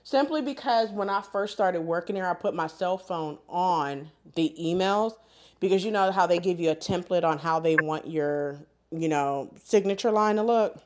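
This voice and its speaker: A middle-aged woman hosting a live sewing stream, telling stories in animated, colloquial casual chat and laughing often. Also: on the low side, normal speed.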